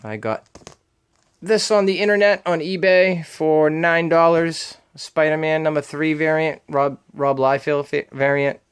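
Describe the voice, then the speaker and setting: A man's voice: fairly high pitch, measured pace, clear, resonant tone. A man with a Boston accent chatting casually in a show-and-tell vlog, rambling with frequent ums and uhs as he talks about his comic collection.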